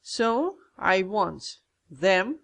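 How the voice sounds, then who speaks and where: A teacher walks through a grammar exercise at an unhurried, deliberate pace. Each step is thought through aloud, with small self-corrections along the way. The voice sits in a middle pitch. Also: very animated, creaky, fairly bright tone. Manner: methodical, talks through each step aloud, addresses viewers as guys.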